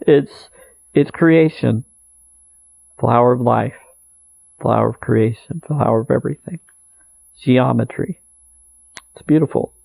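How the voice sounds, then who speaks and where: Gravelly, mellow-voiced man musing on prayer. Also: medium pitch, no room sound, low-quality recording. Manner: earnest, meandering, repeats phrases, soft laughs. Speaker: spiritual video maker. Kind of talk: rambling spiritual monologue.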